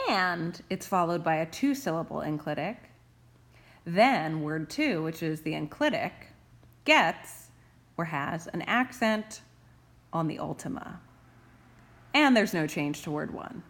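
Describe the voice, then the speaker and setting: A young adult woman teaching grammar rules, stressing key terms slowly and deliberately. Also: fairly low pitch.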